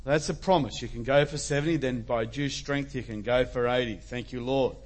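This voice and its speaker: A man's voice: mid-range voice, normal speed, few pauses. A man preaching a sermon as pastor, conversational and emphatic.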